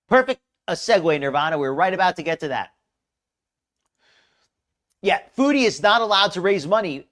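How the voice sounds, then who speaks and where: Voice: medium pitch, a bit bright. A host of a live commentary show who talks in a rambling, chatty way and greets viewers in the chat. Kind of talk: casual live-stream commentary.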